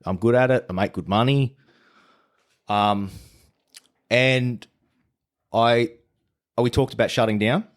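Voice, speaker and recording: A man's voice: medium pitch, fairly even intonation, slow, long pauses. An Australian man telling his story as a podcast guest in a casual, laid-back way and swearing freely. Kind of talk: casual chat.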